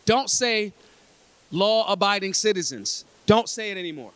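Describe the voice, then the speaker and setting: A man's voice: high-pitched, expressive, moderate pace, a bit bright, no echo. A man from Philadelphia addressing a convention breakfast, talking in an emphatic, streetwise, freely swearing way. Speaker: convention speaker. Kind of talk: blunt, profane talk to a room.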